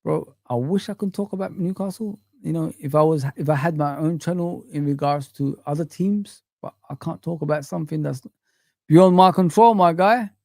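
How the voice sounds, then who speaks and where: A man's voice: fairly high pitch, normal speed, creaky, dark tone, dry recording, clean studio sound. A man hosting a football live stream, ranting in heated street slang as he reads the chat.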